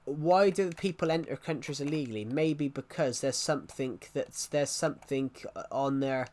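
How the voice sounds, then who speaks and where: A man's voice: mid-range voice, normal speed, a little mellow. A young man streaming live, chatting casually to viewers in a rambling, opinionated way and answering chat comments. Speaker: gaming livestreamer.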